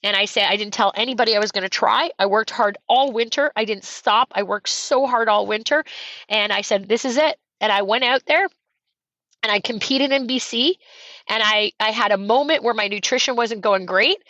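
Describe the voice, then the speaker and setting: A middle-aged woman from Canada, a coach, telling a personal story on a podcast with high energy and fervent emphasis. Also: moderate pace, bright, forceful tone, no room sound, highs cut off. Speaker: real estate coach and guest. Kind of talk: emotional storytelling in a podcast interview.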